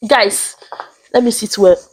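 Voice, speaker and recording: A young woman telling a story to her vlog viewers, dramatic and expressive. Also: fairly high pitch, very slow, low-quality recording. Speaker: vlogger.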